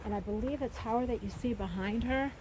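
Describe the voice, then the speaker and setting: A woman's voice: fairly high pitch, brisk, background noise. A woman vlogging casually outdoors, chatty and exclamatory, thinking aloud as she walks through town in winter. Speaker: travel vlogger visiting film locations. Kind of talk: casual walking-tour vlog.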